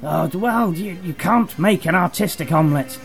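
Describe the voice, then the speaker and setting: A man's voice: high-pitched, expressive, normal speed, gravelly, faint music behind. A man in a comedy sketch, talking in a pompous, self-important way. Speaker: actor character.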